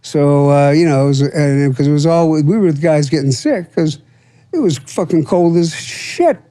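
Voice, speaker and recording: Rambling profane older man, mellow voice. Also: fairly high pitch, expressive, moderate pace, no echo. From Florida. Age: 70s. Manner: rambling, profane, full of fillers and acted quotes. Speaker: podcast guest. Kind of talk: casual storytelling.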